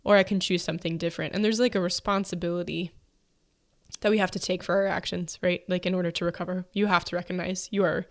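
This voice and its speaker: A woman's voice: lowish voice, flat delivery, fast talker. A young woman hosting a faith-based podcast, talking casually with lots of fillers, who is pregnant. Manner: chatty, many fillers and likes. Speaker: podcast host.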